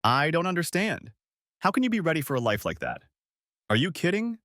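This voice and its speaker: A hurt, pleading wife in a storybook reading, as a male narrator puts her on. Her lines rise and fall in a lively way, and the sound is dry and close with no room. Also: a little high, brisk, no echo, voice pushed up. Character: distraught wife confronting her husband, woman in her thirties.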